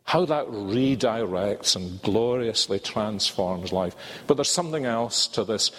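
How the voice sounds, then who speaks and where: An older man with a Scottish accent preaching a sermon in a measured, earnest way, drawing out key words. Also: lowish voice, animated, a bit bright. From Scotland. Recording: reverberant hall.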